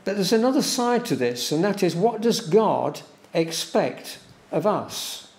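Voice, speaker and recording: A man preaching a sermon in a church, slow and deliberate, repeating words for emphasis. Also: high voice, big pitch swings, darkish tone. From England. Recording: echoey church room.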